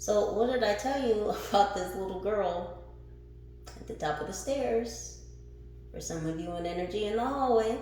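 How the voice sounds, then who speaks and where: A woman giving a casual spiritual tarot reading, animated and laughing, who swears freely and calls her viewers the collective. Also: mid-range voice, moderate pace, slight background noise. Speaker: tarot reader. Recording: very echoey room.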